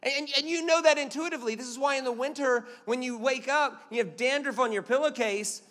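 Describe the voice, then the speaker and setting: High, bright-voiced man preaching in a hall. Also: fairly quick. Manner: storytelling, emphatic, punchy with jokes. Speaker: pastor. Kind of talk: sermon.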